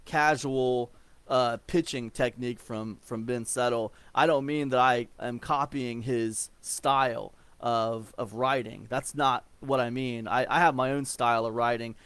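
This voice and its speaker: This is a man in his forties from Ohio giving a casual, meandering explanation of email marketing. His mid-range voice is clear and resonant, the talk is cluttered with fillers, repeats, and restarts, and the recording is dry.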